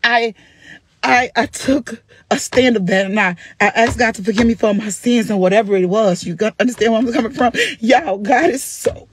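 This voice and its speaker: A woman's voice: fairly high pitch, moderate pace, noisy background. A grandmother speaking to her followers in a fervent, preacherly testimony, laughing and crying at once as she praises God. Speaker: vlogger.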